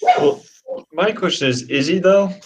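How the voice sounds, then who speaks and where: A man's voice: high-pitched, huge pitch swings, unhurried, poor audio. A man in a casual sports chat who asks questions and hedges his opinions. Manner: questioning, tentative. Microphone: online call.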